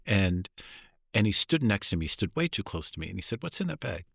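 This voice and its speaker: Fast-talking, animated male storyteller. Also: low-pitched, gravelly, no echo, clean studio sound. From California. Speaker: guest, author and professor. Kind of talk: interview storytelling.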